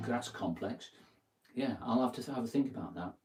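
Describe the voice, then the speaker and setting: A man giving a relaxed guitar lesson, thinking aloud and counting out beats as he plays. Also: medium pitch, brisk. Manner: thinking aloud, counts beats and sings lyric snippets while playing. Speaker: guitar teacher. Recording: distant mic with guitar playing.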